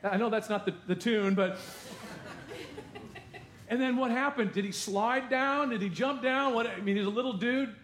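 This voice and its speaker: A male pastor preaching a sermon to his congregation in a lively, conversational way, with asides to the room. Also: extremely high pitch, normal speed, echoey room. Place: church sanctuary.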